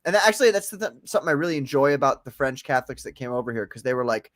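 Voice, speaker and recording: A man's voice: mid-range voice, sing-song, fast talker, dry recording. Rowdy joking man, dry close sound. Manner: joking, swings from loud outbursts to mumbling asides; profane. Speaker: podcast co-host. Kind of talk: casual comedic chat.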